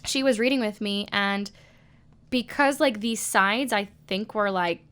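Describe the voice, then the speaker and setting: A woman's voice: mid-range voice, measured pace, fairly bright tone, smooth. A woman co-hosting a podcast, chatting casually and animatedly, swearing now and then. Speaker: podcast co-host. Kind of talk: casual chat.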